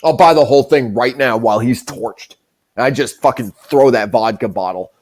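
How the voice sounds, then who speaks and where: A man's voice: mid-range voice, moderate pace, a little mellow. A man hosting a podcast, telling stories in a casual, profane, rambling way. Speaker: show host.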